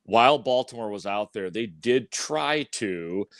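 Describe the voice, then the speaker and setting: A man's voice: lowish voice, expressive, unhurried, no echo. A man co-hosting a postgame sports podcast, recapping the plays in a conversational way with frequent restarts. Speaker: podcast co-host.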